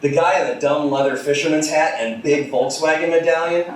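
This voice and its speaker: A man reads bawdy fan fiction aloud in a small theater. His delivery stays dry and deadpan between crude jokes. The sound comes from a distance and rings around the room. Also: a little high, moderate pace, few pauses, slight background noise. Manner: deadpan storyteller with crude asides. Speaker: comedy reader. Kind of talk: comic live reading of fan fiction. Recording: distant, echoey live theater recording.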